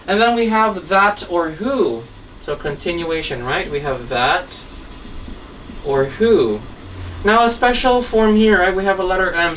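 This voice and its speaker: A woman's voice: lowish voice, fairly bright tone, distant mic, slight background noise, low-quality recording. A woman teaching an English grammar class, speaking patiently and often checking in with the class. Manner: patient, checks in with frequent "right?" and "okay?". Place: classroom with a whiteboard.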